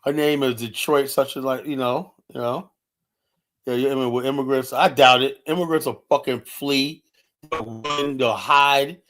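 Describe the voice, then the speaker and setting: A man's voice: medium pitch, steady tone, unhurried, fairly bright tone. Man, live streamer, confrontational and profane, casual heated talk with filler-heavy delivery. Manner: fillers like "you know" throughout.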